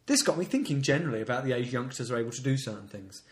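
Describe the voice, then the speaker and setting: A man's voice: medium pitch, expressive, rapid-fire, echoey room. A man co-hosting a casual comedy podcast, reading local news stories aloud with a sarcastic, exasperated tone. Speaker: podcast co-host.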